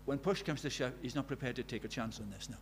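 A man's voice: mid-range voice, fast talker, slight background noise. A man preaching a sermon in an earnest way, telling stories and asking his listeners many questions.

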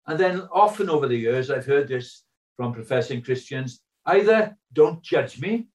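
A man's voice: mid-range voice, lively intonation, normal speed, recorded from a distance, rough recording. An older man preaching a sermon, earnest and full of rhetorical questions.

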